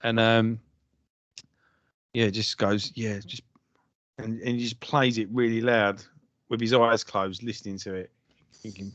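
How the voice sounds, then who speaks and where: A man's voice: lowish voice, measured pace, pauses often, no room sound. Sweary man, dry close sound. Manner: sweary, animated storytelling. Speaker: podcast co-host. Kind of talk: casual chat.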